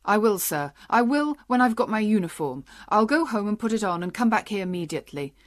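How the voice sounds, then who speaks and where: A woman's voice: medium pitch, expressive, brisk, no echo, studio quality, natural voice. A woman reading the part of a fussy, stubborn village policeman in a storybook. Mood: insistent. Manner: fussy, insistent.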